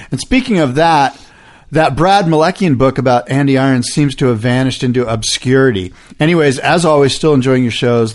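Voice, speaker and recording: An easygoing man co-hosting a podcast, chatting loosely with his partner. He reads listener emails aloud and pokes fun at himself along the way. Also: medium pitch. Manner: self-deprecating, easygoing. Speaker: podcast co-host. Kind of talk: casual chat, reading listener emails.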